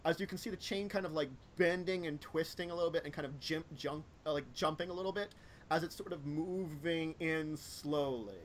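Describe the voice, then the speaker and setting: A man narrating as game master, describing scenes in loose, halting speech full of ums and likes. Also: on the high side, steady tone, a little hiss or hum.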